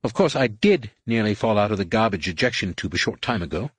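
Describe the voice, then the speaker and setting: A man's voice: on the low side, animated, fairly quick, slightly rough, no echo. A man reading an audiobook, voicing a fussy, anxious golden protocol droid in a prim, fretful, exclamatory way. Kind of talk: audiobook character voice.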